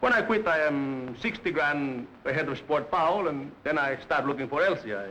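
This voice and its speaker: An actor playing a boisterous immigrant gambler, speaking broken English and chuckling often, in 1930s film dialogue. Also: male voice, on the high side, animated, moderate pace, bright, forceful tone, a little hiss or hum, rough recording. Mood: jovial.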